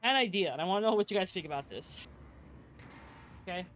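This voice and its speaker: A woman's voice: lowish voice, animated, fast talker, fairly bright tone, a little hiss or hum. A chatty woman streams a video game and talks to her viewers in a loose, rambling way. She swears without a second thought and laughs often. A faint ambience hangs behind her voice. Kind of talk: casual live-stream chat.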